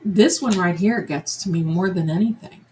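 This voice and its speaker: A middle-aged woman hosts a live psychic tarot reading, thinking out loud and talking with her viewers and her cats. Her voice is fairly low and somewhat dark, at a moderate pace. The recording is low quality, with a slight hiss or hum.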